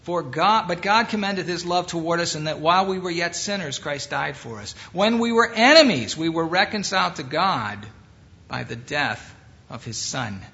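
A man preaching a Bible-teaching sermon, who climbs to emphatic high peaks on key points, then drops low and quiet, slowing to stress words. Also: vocal fry. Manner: slows down to stress words, speeds through asides. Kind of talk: expository sermon. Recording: dull lo-fi sound.

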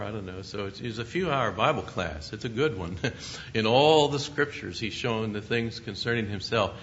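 A man preaching a sermon, paraphrasing scripture in a conversational teaching manner with asides to listeners. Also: pushed and bright. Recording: dull lo-fi sound with faint rumble.

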